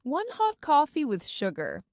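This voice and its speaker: A woman reading a polite male barista in a learner storybook, brisk, dry close sound. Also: extremely high pitch, wildly swooping pitch, no echo, voice pushed up, exaggerated voice. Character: polite male coffee shop worker.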